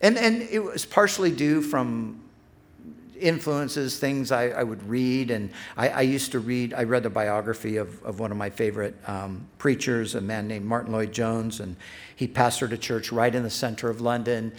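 A man's voice: mid-range voice, moderate pace. A middle-aged man preaching a sermon as pastor. He speaks earnestly, building emphasis on repeated phrases, and restarts his sentences when he speaks off the cuff.

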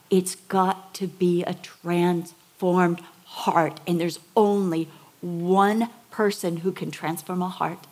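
A woman's voice: lowish voice, darkish tone. A middle-aged woman preaching a sermon, telling stories with feeling and building to emphatic, repeated words. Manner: emotional storytelling, building to emphatic repetition.

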